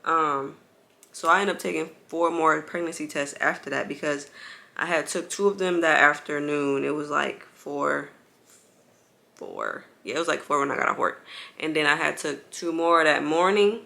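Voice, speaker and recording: Bright, gravelly-voiced young woman vlogging. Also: sits low, normal speed. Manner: chatty, full of "like" fillers, addresses viewers as y'all; bouncing on an exercise ball while holding a baby. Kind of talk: casual storytelling to viewers.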